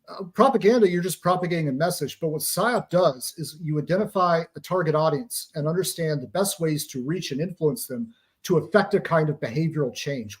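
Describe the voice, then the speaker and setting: Higher-voiced man explaining psyops. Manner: lecturing, leans on pop-culture analogies. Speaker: guest author on psychological operations. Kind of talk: explanatory interview talk.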